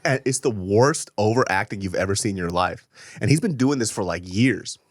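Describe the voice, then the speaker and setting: Man, podcast co-host, casual storytelling, husky voice, dry close sound. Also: fairly low pitch, lively intonation, brisk, no room sound. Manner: laughing storyteller, swears freely. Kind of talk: casual chat.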